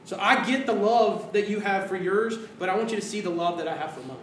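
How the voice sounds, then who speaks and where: A man preaching a sermon as pastor, animated, acting out quoted voices and dropping to hushed tones. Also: high voice, brisk, slight background noise. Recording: roomy sound from a distance.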